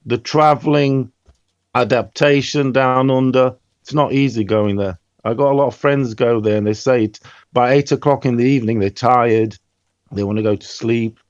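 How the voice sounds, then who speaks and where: A man's voice: mid-range voice, fairly even intonation, normal speed, dry recording, highs cut off. A man giving brash, rambling opinions in a casual voice-chat, swearing freely. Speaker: podcast guest.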